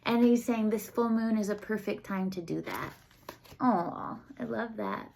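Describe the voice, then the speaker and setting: A woman psychic medium giving a channeled tarot reading, speaking gently and passing on messages with soft sighs and pauses. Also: medium pitch, expressive, creaky, a little hiss or hum.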